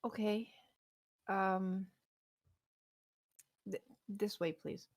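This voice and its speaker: A woman's voice: medium pitch, fairly even intonation, extremely slow, a little mellow. A woman voicing a wary young male temple acolyte who questions strangers hesitantly. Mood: polite.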